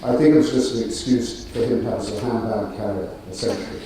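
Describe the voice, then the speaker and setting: A man's voice: on the low side, fairly even intonation, quick pace, dark tone, a little hiss or hum. Self-deprecating man speaking in a roomy hall. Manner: self-deprecating, dry humor, hesitant fillers. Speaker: graduation speaker. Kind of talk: ceremonial speech. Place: large auditorium. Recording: roomy hall, distant mic, faint ambience.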